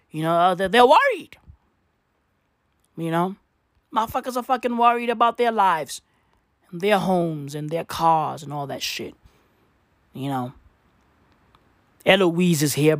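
A man's voice: on the high side, a bit bright, dry recording, studio quality. A man hosting a podcast in a rambling, profane comedic monologue. He repeats himself and fills his talk with slang and swearing. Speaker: podcast host.

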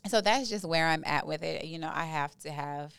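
A woman's voice: deep voice, moderate pace, vocal fry, a bit bright, clean tone, dry recording, studio quality. A woman co-hosting a podcast in casual, emphatic chat, blunt and tipsy from champagne. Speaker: podcast co-host.

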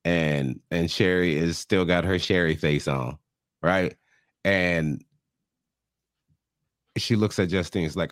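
A man with a low, easygoing voice recaps a reality show for his co-host. He slips into the people's lines as he tells it, and there is almost no room sound around him. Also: no echo, clean studio sound. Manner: animated retelling, acting out the people in the show in quick put-on voices. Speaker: podcast co-host. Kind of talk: casual comedic recap chat.

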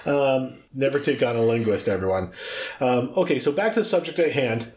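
A middle-aged man in relaxed podcast chat, teasing his co-host with a multiple-choice quiz. His voice sits in an ordinary middle pitch, and he talks in an easy, jokey way. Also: a little fast. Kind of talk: casual chat.

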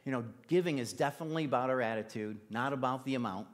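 A man's voice: medium pitch, fast. Chatty man preaching. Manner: casual, chatty, with many fillers. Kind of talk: conversational sermon. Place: church.

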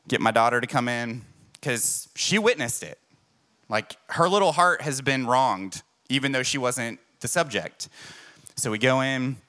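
A male pastor delivering a sermon, shifting between emphatic personal stories and earnest, self-mocking asides. His voice is bright and forceful, at an average pitch for a man. He preaches to a church crowd that answers him with amens. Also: lively intonation, unhurried. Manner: emphatic storytelling, self-deprecating.

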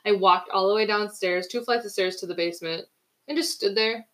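With a medium-pitched voice and a fairly quick pace, a young podcast co-host tells animated stories in casual conversation, acting out people's quotes.

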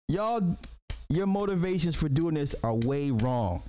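A man's voice: a little high, expressive, unhurried, warm tone, a little hiss or hum. A man hosting a casual livestream podcast, talking animatedly in slangy chat, laughing often and repeating himself. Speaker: podcast host.

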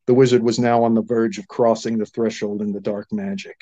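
A man narrating a fantasy story in a steady, measured reading. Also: fairly low pitch, highs cut off.

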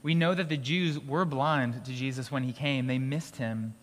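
Male pastor, mid-pitched, relaxed conversational sermon, recorded with long hall reverb. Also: moderate pace. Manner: conversational preaching with restarts and light laughs. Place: school auditorium used for church gathering.

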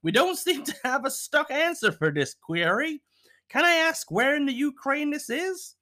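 Man doing a flustered council clerk, wild silly accent, high voice, officious, hesitant. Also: animated, normal speed, pushed and bright, full character voice. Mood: puzzled, polite.

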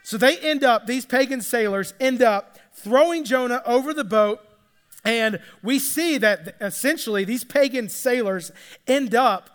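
A man's voice: very high voice, a little slow, a bit bright, long reverb tail. A man preaching a sermon, retelling a story in a casual, conversational way and acting out the characters' lines. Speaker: pastor.

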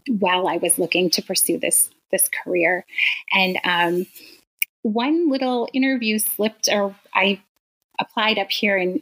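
A woman in her forties from Wisconsin, a teacher telling her story as a guest in a casual interview, earnest and quick to laugh. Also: medium pitch, fairly bright tone, rough recording.

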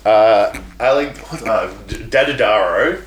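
Casual podcast co-host, man, low voice, rambling plot recap, echoey room. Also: normal speed, pushed and bright. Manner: rambling storyteller acting out characters' lines. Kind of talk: casual movie recap chat.

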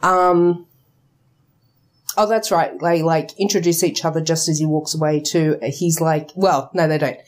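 A woman in a casual chat, telling a story in an animated way with lots of laughs, casual swearing, and plenty of "like". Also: deep voice, measured pace.

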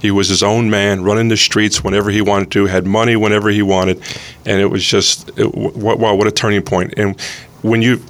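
A man's voice: fairly low pitch, flat delivery, fairly quick. A middle-aged man, a pastor and coach, telling an earnest story in casual conversation, often repeating words as he starts.

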